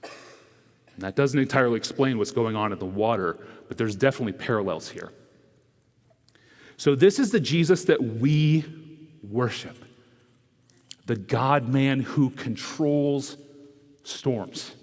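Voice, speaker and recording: A male preacher giving a conversational sermon, tossing in rhetorical asides and swinging between loud, quick bursts and hushed, slow lines. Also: medium pitch, expressive. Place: church sanctuary. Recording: echoey church hall.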